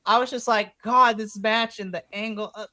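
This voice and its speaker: Excitable woman recapping with bright tone. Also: medium pitch, normal speed, no room sound. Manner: excitable, swings into loud animated retellings. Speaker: podcast co-host. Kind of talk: casual wrestling recap chat.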